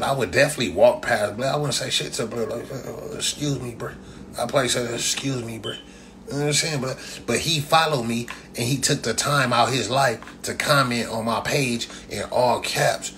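Bright-voiced man ranting on a livestream. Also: medium pitch, normal speed, a little hiss or hum. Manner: loose, profane trash talk, repeats "blood" constantly. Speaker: livestream host. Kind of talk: casual livestream rant.

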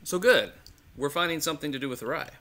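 A man's voice: a little high, expressive, fast talker, background noise. A man co-hosting a bourbon tasting show, joking around on a live stream and slipping into impressions. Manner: playful, jokey, slips into impressions. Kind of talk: casual live-stream chat.

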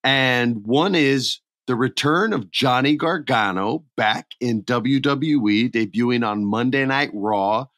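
A man's voice: medium pitch, slow, few pauses, fairly bright tone, no room sound, clean studio sound. A man hosting a podcast, chatting casually and telling stories with enthusiasm. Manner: enthusiastic, conversational storytelling. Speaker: podcast host. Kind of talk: casual chat.

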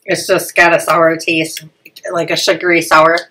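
Bright-voiced woman chatting about snacks. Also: deep voice, level tone, normal speed, husky, low-quality recording. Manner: chatty, laughs often, stumbles over foreign names. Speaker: family channel host. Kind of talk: casual snack unboxing chat.

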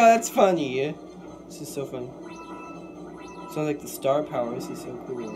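A young man giving live gameplay commentary, excitable and quick to vent frustration at the game. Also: medium pitch. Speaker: gaming YouTuber. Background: game music.

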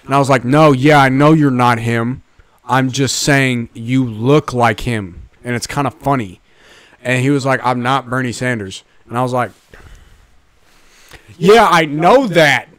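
A man's voice: medium pitch, moderate pace, clear, resonant tone. A young man co-hosting a podcast, telling a story in casual, profane chat and acting out the people in it. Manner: profane, animated, mimics people in anecdotes. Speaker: podcast co-host.

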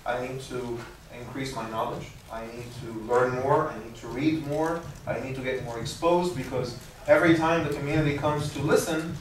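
A man, an imam, giving a conversational religious lecture and answering audience questions, often restarting and repeating words. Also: medium pitch. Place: university lecture room. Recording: echoey room from far off, faint noise.

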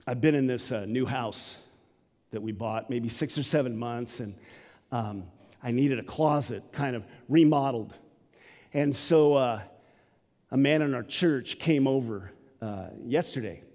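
A male pastor giving a sermon and telling its story in a lively, dramatic way. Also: mid-range voice, unhurried, long reverb tail.

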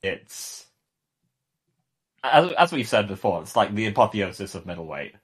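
A low-voiced man with a husky tone, co-hosting a casual podcast. He rambles through his points with wry, deadpan humor. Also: moderate pace. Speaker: podcast co-host.

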